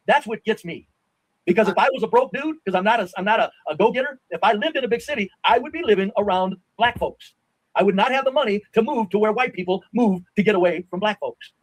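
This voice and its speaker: A middle-aged man argues his point in a heated live-stream debate, blunt, insistent and quick to swear. His voice sits high and his words come fast. The sound is dry and close. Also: dry recording, rough recording. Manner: blunt, insistent, swears, drops to a low grumble.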